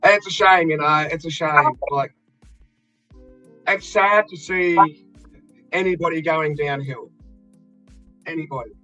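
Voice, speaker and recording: A man's voice: fairly high pitch, unhurried, pauses often, sharp tone, faint music behind, rough recording. An Australian man in blunt, profane casual chat, ranting with fired-up energy.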